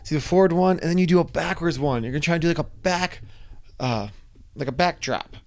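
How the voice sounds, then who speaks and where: A young man casually telling a personal story, animated and acting out his own reactions. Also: fairly high pitch, a little fast. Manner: animated, acts out his own screams and quotes.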